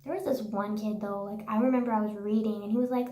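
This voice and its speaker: A woman's voice: mid-range voice, steady tone, fast talker, dark tone. A young woman vlogging a casual, profane rant, sarcastic and packed with "like.". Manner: profane, sarcastic, says "like" constantly. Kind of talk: casual ranting monologue. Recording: echoey room.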